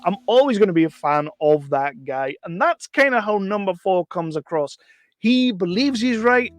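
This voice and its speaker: A man giving a casual, opinionated film review, chatty and rambling, often correcting himself mid-sentence. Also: high-pitched.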